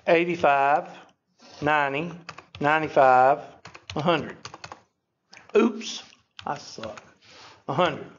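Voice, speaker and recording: A man teaching a statistics class, chatty and self-deprecating, often checking in with "okay?". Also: a little high. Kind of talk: classroom lecture. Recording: dull lo-fi lecture recording.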